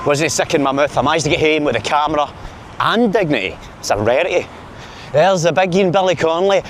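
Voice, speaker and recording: A man's voice: on the high side, lively intonation, fast talker, a little hiss or hum. A man with a Glaswegian Scottish accent chatting jokily to viewers while walking outdoors, filming himself on a handheld camera. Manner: chatty, jokey, talking to viewers. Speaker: vlogger. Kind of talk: casual walking vlog chat. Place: outdoors on city streets.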